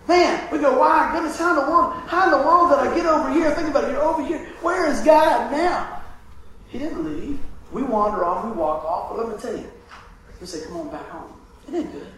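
A high-voiced male pastor preaching to his congregation, calling for amens as he moves between quiet, drawn-out phrases and loud bursts. He is heard from a distance in a very echoey church room with faint background noise. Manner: call-and-response preaching, asks for amens; swings from hushed to loud and drawn out. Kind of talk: sermon. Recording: echoey room picked up from far off.

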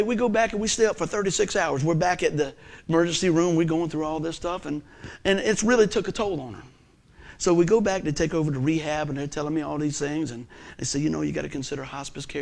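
A man, preaching a sermon as a folksy storyteller whose delivery swings from loud bursts to hushed asides. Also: on the high side, fast talker, vocal fry. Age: 50s.

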